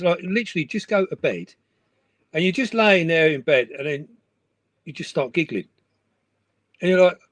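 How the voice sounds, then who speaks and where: A man's voice: high voice, dry recording. A middle-aged man, chatting and laughing on a live stream from his room at home. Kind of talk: casual chat.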